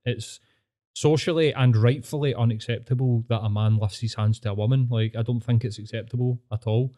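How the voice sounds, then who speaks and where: A man's voice: mid-range voice, steady tone, brisk, dark tone. A man with a Scottish accent, hosting a casual podcast chat and telling blunt, sweary stories. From Scotland. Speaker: podcast host.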